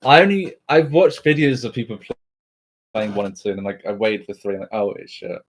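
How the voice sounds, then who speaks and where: A man's voice: on the low side, animated, fairly quick. A young man co-hosting a podcast, rambling casually with lots of likes and restarts. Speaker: podcast co-host. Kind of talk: casual chat.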